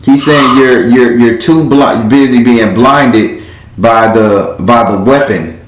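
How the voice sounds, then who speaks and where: A man's voice: mid-range voice, slow pace, echoey room, background noise. Blunt streetwise man reading cards. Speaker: tarot reader. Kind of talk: live spiritual card reading.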